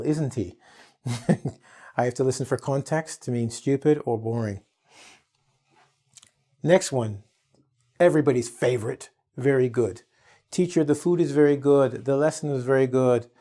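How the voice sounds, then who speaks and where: A man teaching an English vocabulary lesson in an animated, playful, jokey way. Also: mid-range voice, creaky. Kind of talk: energetic vocabulary lesson to camera.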